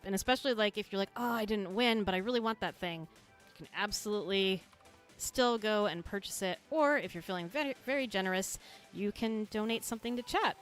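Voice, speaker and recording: A woman's voice: mid-range voice, fairly bright tone. A woman hosting a casual livestream, talking chattily to her chat while she sets things up on screen. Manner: chatty, upbeat, thinks aloud while handling on-screen tasks. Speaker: streamer and creator hosting a cast livestream.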